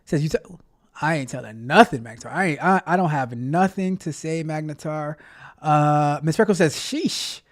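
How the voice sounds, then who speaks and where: A man's voice: a little high, normal speed. A man hosting a casual tech livestream, chatting with viewers in a playful, repetitive, motivational way. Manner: playful, repeats himself a lot. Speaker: tech coach livestream host.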